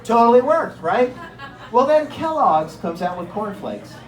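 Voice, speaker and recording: A man doing an animated stand-up comedy set, telling stories with incredulous acted-out bits. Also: sits high, measured pace. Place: comedy stage before a live audience. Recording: echoey room.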